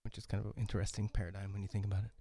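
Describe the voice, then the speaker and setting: A man's voice: fairly low pitch, little pitch movement, rapid-fire, mellow, slightly rough. A man hosting a podcast in casual chat, teasing his guest and drifting between thoughts. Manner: teasing, chatty, drifts mid-sentence. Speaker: host.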